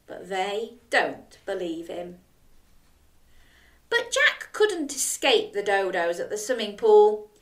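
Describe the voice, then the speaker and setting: Woman storyteller for children: animated, unhurried, bright; roomy distant recording. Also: mid-range voice. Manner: animated, gasping, invites children to join in.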